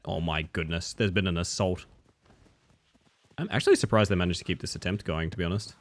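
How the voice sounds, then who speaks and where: A livestreamer with a low voice talks fairly quickly while playing a video game live. He chats casually with viewers, laughs a lot, and swears freely.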